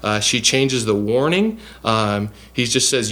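A man's voice: medium pitch, lively intonation, measured pace, hardly any pauses, bright, forceful tone. A man preaching a bible lesson, explaining scripture earnestly with frequent fillers and restarts. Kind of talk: bible teaching sermon.

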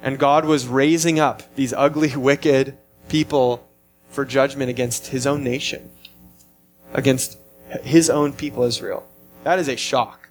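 A man's voice: medium pitch, steady tone, unhurried, faint music behind. A man preaching a sermon in an earnest, emphatic way, often restarting his phrases as he explains a passage. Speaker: pastor.

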